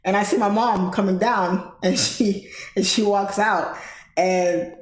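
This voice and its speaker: A woman's voice: mid-range voice, fairly even intonation, a little slow. A woman hosting a livestream, telling a story in a casual, chatty way and laughing often. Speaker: trading livestream host. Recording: roomy echo.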